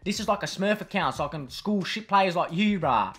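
Brief: male actor as a brash teen Aussie gamer, high-pitched, sing-song taunting. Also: lively intonation, fairly quick, fairly bright tone. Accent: Australian. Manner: brash, slangy, mocking. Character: cocky teenage male Aussie gamer lad. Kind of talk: comedy sketch over game voice chat.

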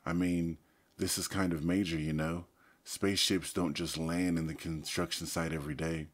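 An excitable, chattering teenage boy from a storybook reading, as a man puts him on. He rushes from one idea to the next with a low, heavy-set sound. He stays a reader's light sketch of a boy. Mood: urgent.

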